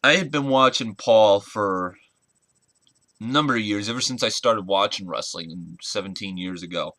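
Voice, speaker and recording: A man in his twenties giving an earnest, halting spoken tribute in a casual vlog, often searching for words. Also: on the low side, sharp tone, dry recording. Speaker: wrestling fan vlogger.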